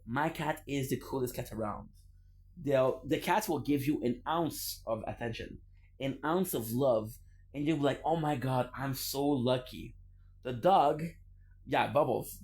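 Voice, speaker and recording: A man's voice: mid-range voice, a little mellow, slight background noise. Playful rambling male streamer. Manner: rambling, playful, laughs often. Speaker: gaming streamer. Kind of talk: casual stream chat.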